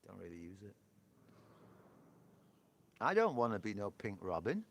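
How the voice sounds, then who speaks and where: A man's voice: lowish voice, sing-song, a little slow, vocal fry. A man hosting a live stream on a porch, chatting casually with viewers, joking and laughing often. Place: outdoor porch.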